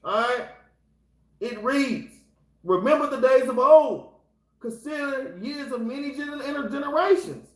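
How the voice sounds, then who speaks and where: A man's voice: extremely high pitch, a little slow, roomy sound, rough recording. A man leading an informal scripture class, talking casually and exhorting his listeners, constantly repeating the same filler address. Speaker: Bible class teacher.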